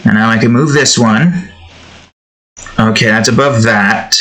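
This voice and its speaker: Bright-voiced man rambling while drawing. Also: mid-range voice, unhurried, poor audio. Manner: rambling, improvised, self-deprecating chat. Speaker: YouTube artist. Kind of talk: casual commentary while drawing.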